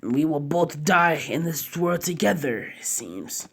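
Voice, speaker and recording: A man's voice: on the high side, expressive, unhurried, gravelly, fairly bright tone, husky, exaggerated voice. A man voicing a spiteful, snake-like male villain ninja in a fan-made story narration. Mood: snarling.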